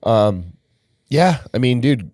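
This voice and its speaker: A man's voice: mid-range voice, sing-song, takes it slowly, a little mellow, dry recording, studio quality. A man co-hosting a casual podcast chat, easygoing, agreeing a lot and swearing now and then. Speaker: podcast co-host.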